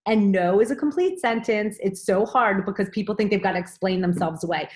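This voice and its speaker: Speaking a little fast in a mid-range voice, a woman in her thirties motivates her team in a training talk. She's upbeat and direct and keeps asking "okay?".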